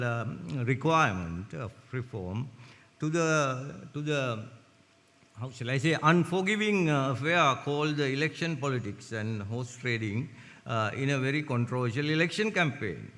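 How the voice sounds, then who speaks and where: An older man giving a formal conference talk in a deliberate, measured way, with many hesitant fillers. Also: mid-range voice, a bit bright. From Sri Lanka. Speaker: conference speaker. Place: large conference hall. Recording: long hall reverb.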